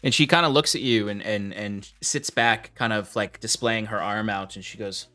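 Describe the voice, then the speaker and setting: Bright-voiced male game master. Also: on the low side, moderate pace, no echo, faint music behind. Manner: loose, filler-heavy description. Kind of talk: narrating a tabletop game.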